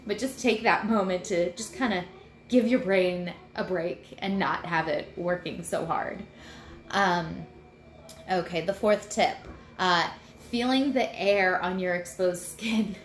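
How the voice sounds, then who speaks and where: A woman's voice: on the low side, measured pace. A woman in her thirties talking casually on a live home video, chatty and rambling as she shares tips. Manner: chatty and rambling, self-deprecating. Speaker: host sharing mindfulness tips. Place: room at home. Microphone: computer mic. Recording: roomy echo, faint room noise.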